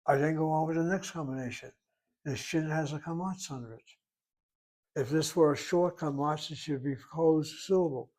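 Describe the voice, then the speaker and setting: A man's voice: fairly high pitch, a little mellow. A man teaching a recorded grammar lesson, reasoning aloud step by step in a methodical way. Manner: methodical, talks himself through each step. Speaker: Hebrew teacher.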